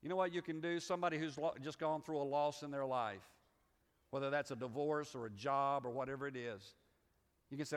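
A man's voice: mid-range voice, a little fast, clean tone, in a large hall. A middle-aged man with a Southern US accent preaching a sermon as pastor, in a folksy, conversational way with restarts and repeats. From Southern United States.

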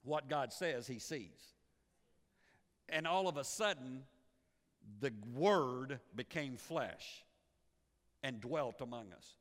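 A man preaching a sermon as pastor, animated and repeating words as he builds each point. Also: mid-range voice, takes it slowly, pauses often. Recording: long hall reverb.

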